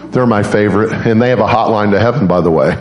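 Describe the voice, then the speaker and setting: A man preaching a sermon as a guest speaker, telling stories in an animated way and leaping into high voices for quoted people. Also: quick pace. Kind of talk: storytelling sermon. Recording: roomy church echo.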